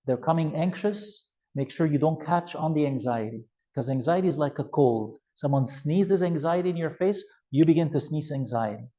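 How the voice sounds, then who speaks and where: Guy teaching a class, acts stuff out, kinda muffled recording. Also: fairly high pitch. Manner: animated, acts out scenarios with voice changes. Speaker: youth ministry instructor. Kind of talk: classroom lecture with role-play examples.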